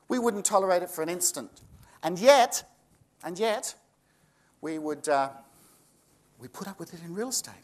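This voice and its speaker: A man's voice: high voice, expressive, moderate pace, pauses often. An Australian man giving a live seminar to an audience, combative and sarcastic, firing off rhetorical questions. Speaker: seminar presenter.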